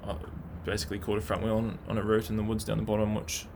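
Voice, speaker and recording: Gravelly low-voiced Kiwi man. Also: completely flat delivery, fast talker, darkish tone, slight background noise. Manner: thoughtful, hesitant, many fillers. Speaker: downhill racing pundit. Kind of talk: casual chat.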